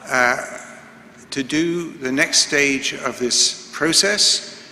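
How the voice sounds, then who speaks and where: A man's voice: medium pitch, very slow, sharp tone, slight background noise. A man, a museum director, giving a formal welcome speech, hesitating at times. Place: event room in a museum. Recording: hall with long reverb.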